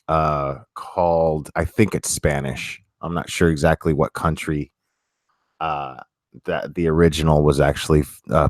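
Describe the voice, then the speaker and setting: A man with a very deep voice chats casually with his audience, stumbling through restarts and fillers. He talks bluntly and swears freely. The sound is dry and close, with no room echo. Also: darkish tone. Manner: halting, many restarts and fillers. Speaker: streamer reading chat. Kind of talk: casual chat.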